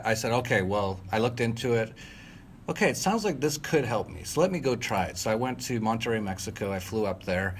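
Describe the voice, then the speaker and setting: A man's voice: on the low side, slight background noise. A middle-aged man recounting a personal story as an interview guest, rambling with many fillers and restarts and breaking into short laughs. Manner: rambling, frequent fillers and self-corrections, laughs mid-sentence. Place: at home.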